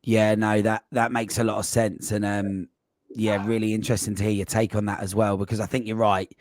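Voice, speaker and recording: A man hosting a podcast, asking questions gently and hesitantly with many fillers. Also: lowish voice, little pitch movement, fairly quick, no echo. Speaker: podcast host and coach. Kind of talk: interview chat.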